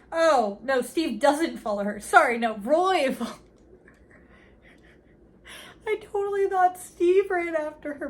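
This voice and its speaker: A young woman casually recapping a movie with sarcastic, giggly commentary, playfully mimicking the characters' lines. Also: high voice.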